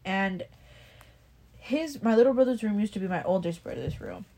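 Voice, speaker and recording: A woman's voice: medium pitch, lively intonation, normal speed, darkish tone. A young woman casually telling a personal story, rambling, swearing a lot and restarting her sentences. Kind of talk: casual chat.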